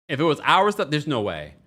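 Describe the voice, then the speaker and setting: A man hosting a casual recap podcast, talking animatedly and acting out what people said. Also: on the high side. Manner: animated, acts out quotes in voices, laughs often. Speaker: podcast host.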